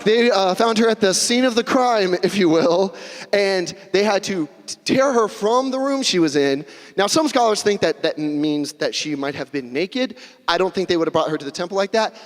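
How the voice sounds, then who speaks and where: A young man preaching a casual, conversational sermon in a church, with joking asides and little acted-out quotes. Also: sits high. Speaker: pastor. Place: church sanctuary. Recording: long hall reverb.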